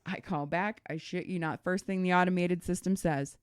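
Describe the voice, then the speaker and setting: A woman's voice: fairly low pitch, fairly even intonation, normal speed, hardly any pauses, clean tone, no room sound, clean studio sound. A middle-aged woman co-hosting a podcast, telling a story in casual chat and swearing freely. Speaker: podcast co-host.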